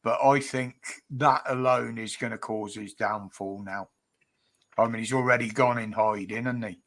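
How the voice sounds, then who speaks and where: A man's voice: medium pitch, fairly even intonation, normal speed, a bit bright. A man hosting a casual livestream chat, rambling, laughing and cheeky. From United Kingdom. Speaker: livestream host.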